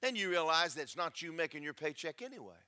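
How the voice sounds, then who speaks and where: A man preaching a sermon, emphatic and preachy, swinging between loud and soft. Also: on the high side, expressive, fast talker. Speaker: pastor.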